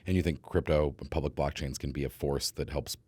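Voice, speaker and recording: A man hosting a podcast, interviewing a guest and briskly signing off the episode. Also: very deep voice, steady tone, dark tone, slightly rough, no room sound. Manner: brisk, with short acknowledgments. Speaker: podcast host.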